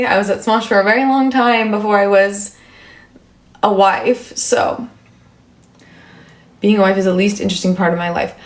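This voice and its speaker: A woman's voice: mid-range voice, reverberant. A woman in her thirties hosting a casual livestream, chatting with viewers and answering their comments with lots of fillers. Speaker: livestream host.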